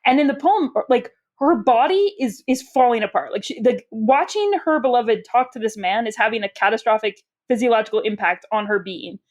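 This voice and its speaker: A woman's voice: on the high side, animated, fairly quick, hardly any pauses. A woman from rural Georgia, a professor, chatting as a podcast guest in a rambling way full of fillers and restarts. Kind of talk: casual podcast chat.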